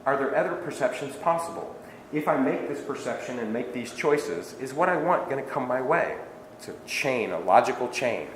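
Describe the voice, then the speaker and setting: A man's voice: medium pitch, animated, normal speed. A man giving a spiritual self-help lecture, asking rhetorical questions and acting out everyday dialogue. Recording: echoey hall with faint ambient noise.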